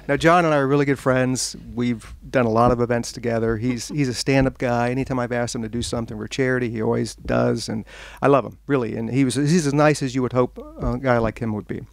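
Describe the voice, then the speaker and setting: A man giving an author talk at a bookstore, telling a lively anecdote to an audience and laughing along with it. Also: mid-range voice, fast, gravelly, hardly any pauses, no echo. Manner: animated anecdote-telling, laughing at his own story. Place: bookstore event room.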